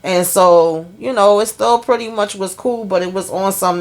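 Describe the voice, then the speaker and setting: A woman's voice: mid-range voice, normal speed. A woman hosting a casual TV episode recap in a chatty way, acting out the characters' lines as she retells them. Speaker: TV recap host.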